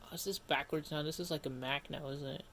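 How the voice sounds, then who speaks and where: A man's voice: on the high side, fairly even intonation, fast talker, a bit bright, a little hiss or hum. A man streaming live and chatting casually as he works, rambling, breaking off mid-sentence and grumbling to himself. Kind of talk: casual livestream commentary.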